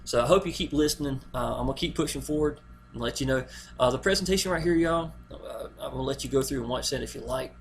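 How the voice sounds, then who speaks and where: A man talking casually to viewers while he pitches a marketing plan. He rambles in a folksy, enthusiastic way and often addresses the listener directly. A faint electrical hum sits under his middle-pitched voice. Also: fast, vocal fry. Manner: folksy, rambling, keeps saying "y'all". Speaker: network marketing promoter.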